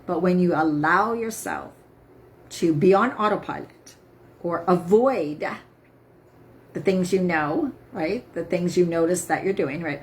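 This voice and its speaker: A woman's voice: on the low side, expressive, a little slow. Upbeat woman coach, keeps asking "right?". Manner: upbeat, emphatic, repeats "right?". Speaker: health and eating coach. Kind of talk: casual live-stream talk.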